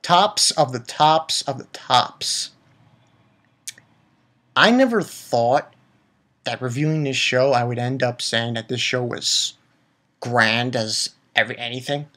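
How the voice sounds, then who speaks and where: Excitable male reviewer, husky voice, profane and restless, mid pitch. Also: slow pace, long pauses. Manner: excitable, profane, lots of restarts. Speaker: anime reviewer. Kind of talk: casual episode recap.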